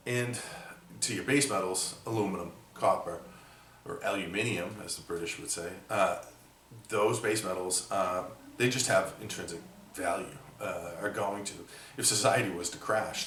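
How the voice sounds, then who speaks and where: A man with a low voice chats in a loose, rambling way, full of fillers and side remarks. He sounds a little off the mic in an echoey workshop. A faint hiss sits behind him. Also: fairly bright tone, far from the mic. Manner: rambling, many fillers, chatty and opinionated. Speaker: electronics scrapping hobbyist. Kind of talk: casual rambling talk while working.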